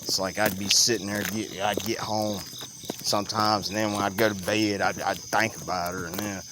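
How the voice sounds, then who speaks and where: Speaking at a moderate pace, a young man spins a loose, animated story in casual conversation, alternating loud outbursts with low mutters and laughing easily. He's outside, with faint crickets chirping and some background noise.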